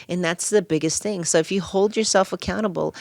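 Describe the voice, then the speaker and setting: A woman's voice: fairly low pitch, steady tone, creaky, darkish tone, no echo. Earnest woman hosting a podcast. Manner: earnest, fast and emphatic. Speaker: podcast host. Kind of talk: casual podcast interview.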